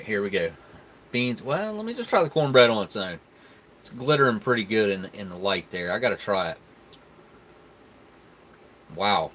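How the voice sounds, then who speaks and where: A man's voice: fairly low pitch, fairly bright tone, a little hiss or hum. A man, hosting a casual live stream where he tastes food and chats with viewers in a laid-back, rambling way. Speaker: live stream host reviewing military rations.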